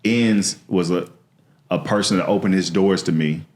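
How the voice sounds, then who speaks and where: A man's voice: low-pitched, normal speed, darkish tone. A man, a comedian guest on a podcast, telling candid, slangy and earnest stories from his life in casual conversation.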